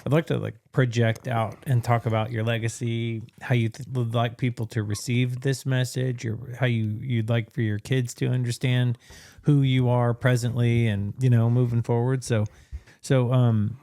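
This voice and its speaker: A male podcast host with a mellow, warm voice asks his questions gently and backs up his guest with frequent short affirmations. His voice is recorded dry and close to the mic. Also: mid-range voice, flat delivery, normal speed, no echo. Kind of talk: interview questions.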